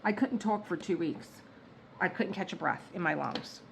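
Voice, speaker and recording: A woman's voice: on the low side, normal speed, gravelly, slight background noise, poor audio. Chatty woman telling stories at home. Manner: chatty, animated retelling, laughs at own stories. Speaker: diamond painting vlogger. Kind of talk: casual storytelling chat. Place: home workspace.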